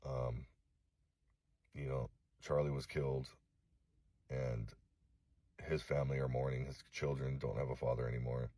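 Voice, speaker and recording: A middle-aged man from Los Angeles making a direct-to-camera apology video, halting and remorseful, swearing often. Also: extremely low pitch, level tone, dark tone, dry recording. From Los Angeles, USA. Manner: halting, remorseful, heavy swearing, frequent fillers. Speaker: vlogger.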